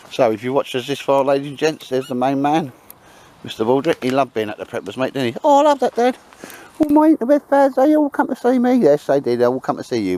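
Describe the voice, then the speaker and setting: A man's voice: lowish voice, a little mellow. A man, chatting and bantering with mates outdoors, laughing often. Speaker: channel host. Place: outdoors in woods.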